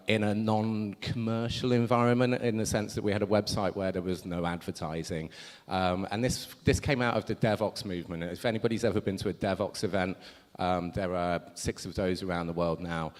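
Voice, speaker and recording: Low voiced guy opening a conference, umms a lot, echoey big hall. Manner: rambling, many ums, self-correcting. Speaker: conference organizer. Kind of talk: opening speech. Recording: hall reverb from stage mic.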